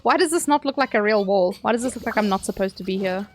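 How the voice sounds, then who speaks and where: A woman's voice: medium pitch, quick pace, darkish tone. A woman streaming a video game, chatting playfully with her viewers and swearing freely as she plays. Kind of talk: casual gameplay commentary.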